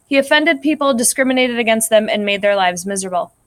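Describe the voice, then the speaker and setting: A woman's voice: on the high side, lively intonation, fast, no room sound, natural voice. Woman playing a dutiful male court clerk, matter-of-fact, storybook reading, dry sound. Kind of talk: storybook read-aloud.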